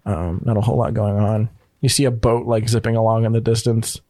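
A man's voice: lowish voice, steady tone, brisk, mellow, dry recording. A young man as game master, narrating a tabletop game in a rambling, joking way with many hesitations.

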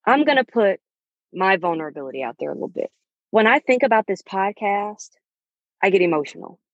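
A woman's voice: medium pitch, expressive, fairly quick, dry recording, highs cut off. A woman in her thirties hosting a podcast, giving an emphatic, preachy motivational talk with endearments. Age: 30s. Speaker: podcast host.

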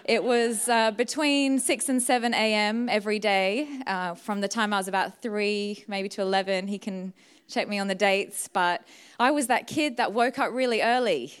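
A woman's voice: mid-range voice, normal speed, smooth. A young woman giving a sermon at a church service, candid and emotional, tearing up at moments. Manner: emotional, warm and candid, laughs and tears up at times. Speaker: guest preacher.

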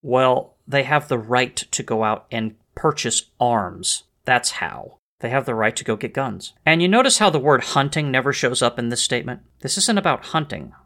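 A man's voice: mid-range voice, lively intonation, moderate pace, hardly any pauses, a bit bright. A man hosting a history and politics show, speaking in an emphatic, lecturing monologue and reading quotations aloud with added stress. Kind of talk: monologue on the Second Amendment.

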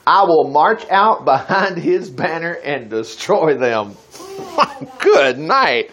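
Animated folksy man preaching. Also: a little high, takes it slowly, a little hiss or hum. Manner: folksy, animated, jumps between reading and asides. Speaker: preacher teaching scripture. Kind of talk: informal Bible teaching.

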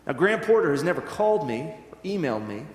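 A male minister preaching a sermon, his fairly high voice ringing through a roomy sanctuary. He tells the story with animation and acts out the dialogue. A long reverb trails every phrase. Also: sing-song, fast. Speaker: Presbyterian minister. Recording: echoey church hall with long reverb.

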